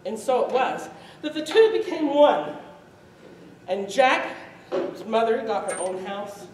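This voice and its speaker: A woman storyteller telling a folk tale to a live audience, lively and often laughing as she acts it out, in a festival hall. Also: a little high, measured pace, a little hiss or hum. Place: event hall at a medieval arts festival. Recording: echoey hall from far off.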